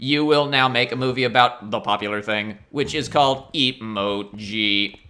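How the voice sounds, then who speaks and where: A man's voice: mid-range voice, normal speed, lightly acted. A man doing a cold, commanding corporate robot. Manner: flat mechanical decrees.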